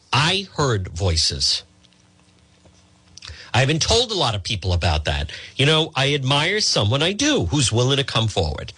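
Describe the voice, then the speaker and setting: A man hosting a talk show, speaking earnestly and gently, sometimes repeating and correcting himself. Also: medium pitch, big pitch swings, unhurried, husky, no room sound. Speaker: host.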